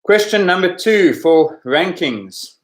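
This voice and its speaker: A man's voice: high-pitched, lively intonation, slow. A man hosting a podcast quiz, talking casually as he explains the answers with chatty asides. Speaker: podcast host running a sports quiz. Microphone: podcast microphone.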